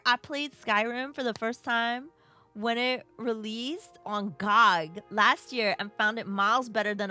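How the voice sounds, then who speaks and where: A woman with a New York accent streams a game and chats with her viewers, her voice bright and sharp, swooping high and low in a playful, bouncy way. Soft game music plays faintly underneath. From Brooklyn. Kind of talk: casual live-stream chat, reading chat aloud.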